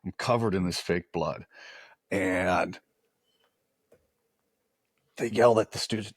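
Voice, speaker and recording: A middle-aged man with a deep, low-pitched voice tells a raucous military anecdote, cursing casually. His delivery is animated and conversational. The recording is dry, with no room sound. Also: slow pace, pauses often, no room sound. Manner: profane, animated anecdote telling. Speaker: podcast guest, former Green Beret. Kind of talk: casual storytelling.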